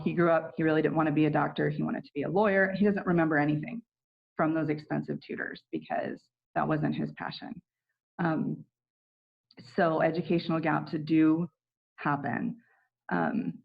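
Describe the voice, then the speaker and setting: Earnest woman with a gravelly low voice. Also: lo-fi sound. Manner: earnest, with many ums and restarts. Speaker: class presenter. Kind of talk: online class talk.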